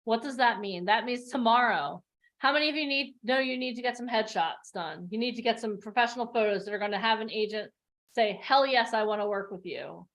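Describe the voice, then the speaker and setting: A woman's voice: fairly high pitch, fairly quick, a bit bright. A woman hosting an online bootcamp for actors and models, coaching over a video call in a passionate, emphatic way. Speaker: acting and modeling bootcamp host. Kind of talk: live online motivational coaching.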